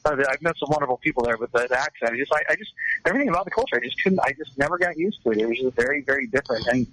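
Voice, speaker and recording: A man's voice: mid-range voice, animated, rapid-fire, fairly bright tone, slight background noise, low-quality recording. A man from California chatting casually on a radio talk show, rambling with many restarts. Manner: chatty, lots of restarts and laughs.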